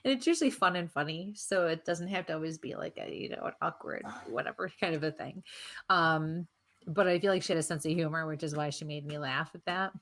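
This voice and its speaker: A woman's voice: low voice, fairly quick, a bit bright. A woman from the United States hosting a live psychic Q&A stream, chatty and teasing, laughing often. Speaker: psychic medium co-host.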